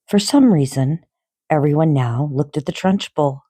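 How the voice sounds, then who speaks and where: A woman reading a novel aloud in an expressive, unhurried storybook manner. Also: low-pitched, no room sound, clean studio sound.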